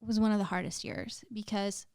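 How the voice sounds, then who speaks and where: A woman's voice: mid-range voice, fairly even intonation, normal speed, vocal fry, darkish tone, clear, resonant tone, no echo, clean studio sound. A young woman, a podcast guest, telling a painful personal story in casual chat, emotional, with lots of "like" fillers and some swearing.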